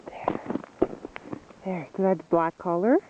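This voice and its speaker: A woman filming her puppies outdoors in the snow, chatting casually and cooing at them in a high sing-song voice. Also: takes it slowly, noisy background. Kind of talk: casual video narration. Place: outdoors in snow and slippery weather. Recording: tinny lo-fi phone-like sound.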